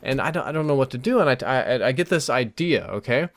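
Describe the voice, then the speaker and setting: A man recounting a vivid dream as an animated, breathless story over gameplay footage. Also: medium pitch, quick pace. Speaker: gaming YouTuber.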